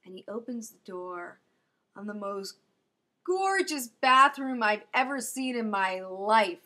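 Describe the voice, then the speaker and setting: A woman's voice: mid-range voice, animated, slow, pushed and bright. A young woman telling a true story about herself in a wry, self-mocking comic manner. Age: young adult. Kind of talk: first-person storytelling.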